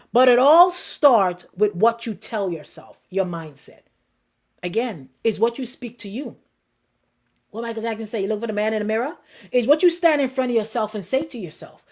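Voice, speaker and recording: Animated woman pastor preaching conversationally. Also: high voice. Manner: animated, conversational preaching with acted-out inner voices and laughter. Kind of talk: sermon.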